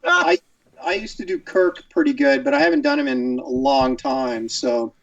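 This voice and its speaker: A man's voice: high-pitched, huge pitch swings, moderate pace, gravelly, a bit bright, no echo, recorded from a distance, highs cut off. Easygoing middle-aged man on a video call. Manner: easygoing, rambling, laughs often. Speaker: guest artist. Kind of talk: casual chat.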